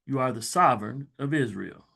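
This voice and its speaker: A man reading scripture aloud slowly and stopping to explain it in loose, conversational asides, like a Bible teacher. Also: medium pitch, lively intonation, creaky, bright, forceful tone. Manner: reads verses slowly, then breaks into loose conversational asides. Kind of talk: scripture reading with casual commentary.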